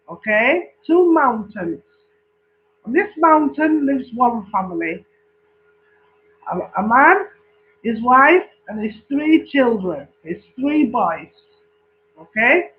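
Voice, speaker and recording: A man's voice: very high-pitched, very animated. A man telling a long joke casually, repeating himself and checking that his listeners follow. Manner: slow, repetitive storytelling with check-ins. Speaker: joke teller. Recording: tinny phone-like recording.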